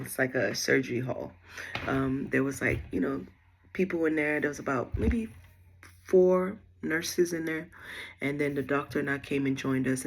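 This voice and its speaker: A woman's voice: low voice, a little hiss or hum. A young mother telling her birth story at home in a chatty, rambling way, full of fillers. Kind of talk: casual storytelling vlog.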